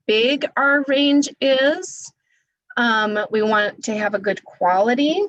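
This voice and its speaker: A woman speech therapist teaching an online class, talking deliberately and encouragingly, her voice a little scratchy from talking. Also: on the high side, no room sound, lo-fi sound. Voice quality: says she naturally has a quiet voice. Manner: deliberate, encouraging, demonstrates loud vocal drills. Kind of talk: webinar instruction with voice exercises.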